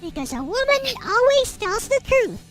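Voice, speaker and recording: A smug troll with a piercing, squeaky voice that swoops up and down as it reads in a sarcastic, mock-solemn tone, as a streamer puts it on. Faint music plays behind it. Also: very animated, normal speed, a bit bright, full character voice. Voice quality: very high, squeaky put-on voice. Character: squeaky high-pitched troll, mocking and smug. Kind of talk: reading satirical prose aloud in a character voice.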